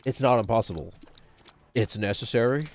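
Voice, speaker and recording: A man doing an impression of a famous rock singer with a slight Southern US drawl, insistent and loud. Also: medium pitch, normal speed, slight background noise, close to an everyday voice. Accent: slight Southern US, as put on.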